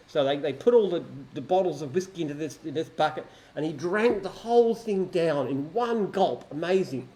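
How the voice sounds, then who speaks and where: A man's voice: a little high, expressive, a little fast, hardly any pauses, dark tone, rough recording. A man chatting casually and telling a long joke, rambling with restarts. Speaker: company founder answering questions.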